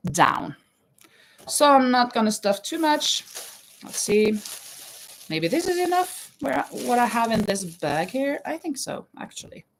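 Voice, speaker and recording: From her home in Spain, a livestream host with a mid-range voice chats casually while crocheting, with slight background noise in the clip. She reads viewers' comments out loud and laughs frequently.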